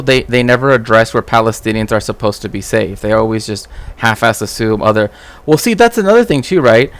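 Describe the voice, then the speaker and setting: A man streaming casual commentary as a cultural historian, rambling with frequent "right?" tags and restarts. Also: medium pitch.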